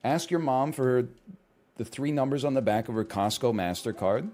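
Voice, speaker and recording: A man's voice: mid-range voice, moderate pace, a little mellow, soft background music. A young man streaming games, chatting casually in a sarcastic, profane, ranting way. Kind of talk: casual gaming stream chat.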